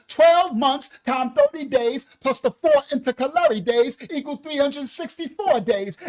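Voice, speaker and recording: With an extremely high pitch, a man leads a livestreamed Bible lesson from his desk microphone. He's fervent, shouting exclamations and laughing as he teaches.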